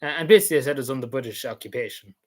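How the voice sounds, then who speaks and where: A man with a Cavan Irish accent narrates his travel photos in a loose, rambling vlog. His voice is hoarse and sits at an ordinary middle pitch. He circles back on his points and drops in the odd swear word. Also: very fast. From Ireland. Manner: rambling, repetitive, swears casually. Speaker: vlogger.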